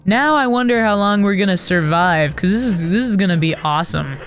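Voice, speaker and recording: A woman streamer giving casual gameplay commentary, excitable and melodramatic with sarcastic asides. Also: medium pitch, brisk, soft background music. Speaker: gaming streamer.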